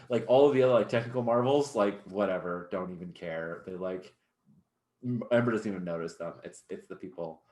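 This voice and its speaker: A man playing a tabletop game, describing his character slowly with many fillers. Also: low voice, a little mellow, echoey room. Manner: slow, searching, many fillers. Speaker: player. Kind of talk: tabletop role-play.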